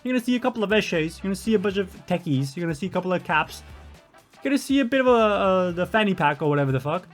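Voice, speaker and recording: A man's voice: sits high, lively intonation, very fast, soft background music. Sweary young australian man ranting. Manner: rambling, sweary, sarcastic. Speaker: commentary streamer. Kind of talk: casual reaction commentary.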